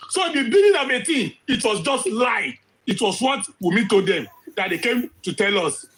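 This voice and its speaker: A social commentator with an unusually high voice for a man gives impassioned commentary, sounding hoarse as if losing his voice. He drives points home with rhetorical questions and repeated phrases, recorded close to the mic in a slightly bright, low-quality recording.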